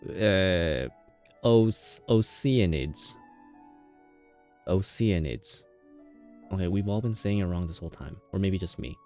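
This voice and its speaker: A man's voice: sits low, normal speed, darkish tone, clean tone, faint music behind. A man live-streaming a video game, chatting casually and playfully, laughing often and reacting to the story and his chat.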